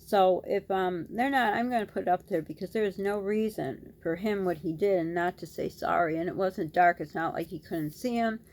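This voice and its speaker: Scattered, hand-waving vlogger mom. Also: female voice, on the low side, moderate pace, few pauses. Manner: scattered, talks with her hands, animated retelling. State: dry lips. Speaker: vlogger, mother. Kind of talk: casual storytelling vlog.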